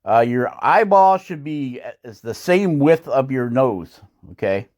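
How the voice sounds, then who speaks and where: A man's voice: medium pitch, lively intonation, unhurried, darkish tone. A man hosting a woodcarving channel, talking through his work in a casual how-to voice-over, rambling and self-deprecating with frequent chuckles.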